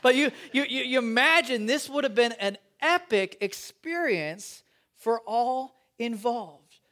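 A man preaching a sermon, reading scripture and adding chatty, joking asides in an animated way. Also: extremely high pitch, unhurried. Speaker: pastor.

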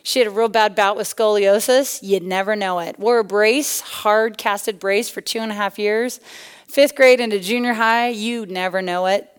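A middle-aged woman giving a personal testimony sermon to a women's church gathering, animated and punchy, swinging between loud bursts and hushed asides. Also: medium pitch, moderate pace, clean tone. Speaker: guest speaker at a women's church tea.

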